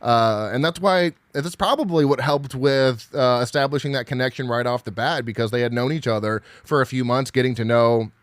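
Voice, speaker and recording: A man's voice: medium pitch, a little fast, few pauses, no room sound. A man hosting a horror podcast, asking a guest questions in an easygoing, encouraging way. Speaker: podcast host. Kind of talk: casual interview chat.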